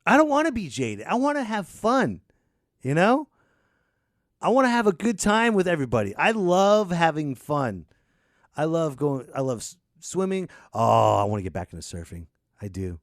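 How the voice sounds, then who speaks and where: Animated ranting male podcast host. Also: a little high, normal speed, dry recording, studio quality. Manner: ranting, sarcastic, swings between loud and mumbled. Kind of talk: casual ranting chat.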